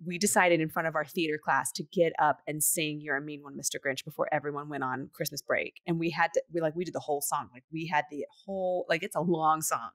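A woman's voice: sits low, fairly even intonation, brisk, hardly any pauses, no room sound, studio quality. A woman in her thirties co-hosting a casual chat, rambling with fillers and restarts. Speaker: podcast co-host.

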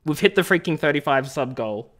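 A woman's voice: low voice, lively intonation, brisk, a bit bright. An Australian woman streaming a game and chatting playfully with viewers, often laughing. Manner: playful, laughing, teasing the chat. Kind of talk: casual live-stream chat.

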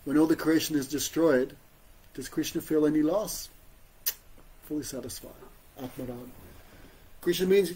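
Soft-spoken man teaching a relaxed spiritual class. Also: a little high, moderate pace, pauses often, slightly rough, poor audio. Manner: conversational, often asks "you know?"; gently humorous, laughs often. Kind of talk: informal religious class.

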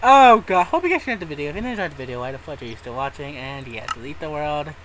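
A gamer giving casual let's-play commentary, excitable, laughing often and swearing when surprised. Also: mid-range voice, quick pace, noisy background. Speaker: gamer playing a modded survival game.

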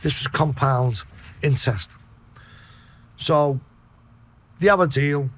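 A man's voice: mid-range voice, slow. A man from Liverpool with a Liverpool accent, telling a story as a podcast guest, blunt and full of swearing. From Liverpool, England. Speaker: podcast guest, debt collector.

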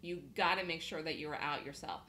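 A woman hosts a live trading room, coaching her listeners in a bright, forward voice. She talks fast and emphatically, hammers points home with repetition and breaks into laughter easily. The sound is echoey, with faint background noise. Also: low voice, steady tone.

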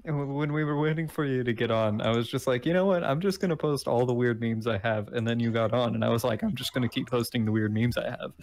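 A man from the United States co-hosting a casual podcast, upbeat and jokey with quick asides. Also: medium pitch, a little mellow. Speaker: podcast co-host. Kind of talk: casual chat.

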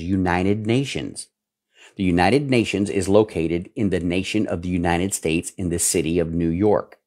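A male pastor preaching fervently and answering viewer questions, swinging between low mutters and loud outbursts.

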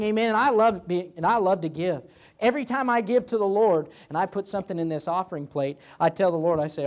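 A man, a pastor, teaching a church Bible study in a loose, conversational way, with many fillers and restarts and lively acted asides. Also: sits high, quick pace. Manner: animated, voices God and himself in asides.

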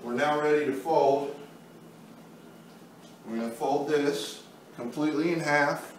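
A man's voice: on the high side, unhurried. A man walking through a painting demonstration step by step, in an easygoing way while he works. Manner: easygoing, talks while working. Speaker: art instructor. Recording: very echoey room, mic far off, faint noise.

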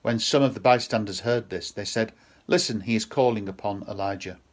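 A man reading a Gospel passage aloud in a measured, solemn way. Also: fairly low pitch. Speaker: scripture reader.

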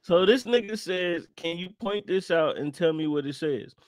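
A man co-hosting a podcast in casual chat, recapping a documentary with swearing and loud acted-out quotes. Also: sits high, normal speed, dry recording. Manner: animated, swears, acts out quotes loudly. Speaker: podcast co-host.

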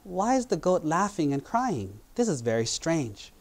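A man taking on the voice of two bewildered young brothers, pitched well above his normal voice. They ask their questions with wonder, a scene from a told parable. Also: sing-song, moderate pace, dark tone. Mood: puzzled.

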